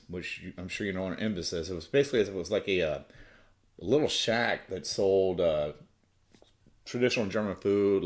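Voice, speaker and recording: A middle-aged American man casually telling a profane, rambling personal story as a podcast host. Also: deep voice. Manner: crude, profane, rambling with restarts.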